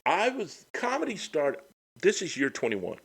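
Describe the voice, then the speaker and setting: A man's voice: a little high, unhurried, vocal fry, husky. A middle-aged man, a comedian guest telling stories in a casual chat. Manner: animated, lively storyteller.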